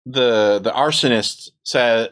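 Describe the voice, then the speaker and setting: A game master narrating a tabletop game, animated and acting out sound effects. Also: medium pitch, slow.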